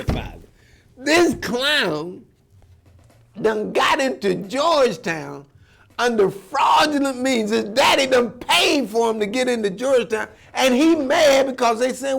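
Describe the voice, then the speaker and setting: A man hosting a commentary show, talking in an animated, preachy and emphatic way. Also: very high-pitched, vocal fry.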